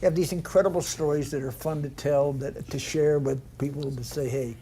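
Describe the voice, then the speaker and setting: An older man, a veteran stunt performer, telling lively anecdotes and acting out other people's lines, with frequent laughter. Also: on the high side, moderate pace, slight background noise. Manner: animated yarn-spinner, mimics others in quotes, laughs often. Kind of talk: anecdotal storytelling.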